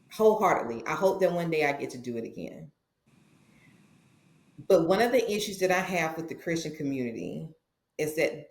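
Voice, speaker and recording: A woman guest on a podcast, telling a personal story and acting out the dialogue with feeling. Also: deep voice. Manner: animated, acts out dialogue in her stories. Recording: roomy echo.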